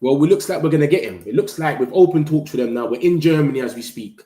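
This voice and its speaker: A man, talking excitably in slang as a football fan streamer and reacting to his chat. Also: on the high side, quick pace. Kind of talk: casual livestream commentary. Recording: roomy echo.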